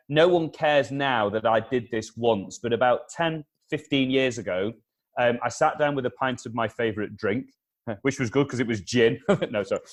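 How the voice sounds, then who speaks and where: An energetic man explains his method in a lively interview. He hammers his key points home by repeating them. He acts out conversations with clients as he goes. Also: mid-range voice. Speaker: communication consultant, interview guest. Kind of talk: animated advice with acted-out anecdotes.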